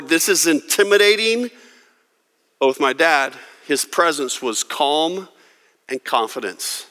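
A man from California preaching a sermon, telling stories with emphatic, dramatic pauses. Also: fairly high pitch, a bit bright. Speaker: pastor. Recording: long reverb of a large hall.

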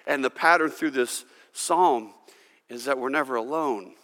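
A man preaching a sermon as pastor, swinging from loud emphasis to hushed, intimate tones and leading the congregation in reciting verses aloud. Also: mid-range voice, unhurried, in a large hall. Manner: leads the congregation in call-and-response recitation.

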